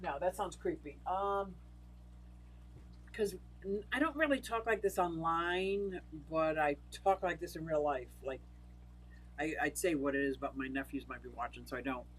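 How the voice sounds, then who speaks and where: A woman's voice: low voice, normal speed, husky, poor audio. Older lady chatting on her livestream, laughs a lot, talks to viewers by name. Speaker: livestream host. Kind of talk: casual livestream chat reading comments.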